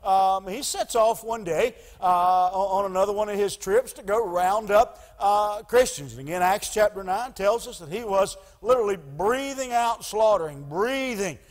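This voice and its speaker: A pastor preaches in a high voice, frequently halting on "uh" and starting his phrases over. The sermon is in a church sanctuary, and the hall's long reverb rings around him.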